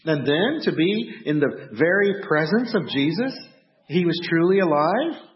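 Animated man preaching a sermon. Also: a little high, unhurried, highs cut off. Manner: animated storytelling, acts out startled shouts. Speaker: pastor.

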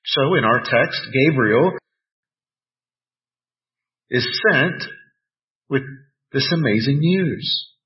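A man preaching a sermon, reading scripture aloud and adding playful personal asides in a measured, deliberate way. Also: medium pitch, animated, lo-fi sound. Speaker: pastor.

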